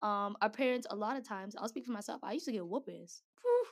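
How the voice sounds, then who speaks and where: A woman's voice: mid-range voice, fast talker. A young woman giving a casual devotional talk to a Christian group, chatty and slangy, often laughing. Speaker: speaker at a Christian gathering.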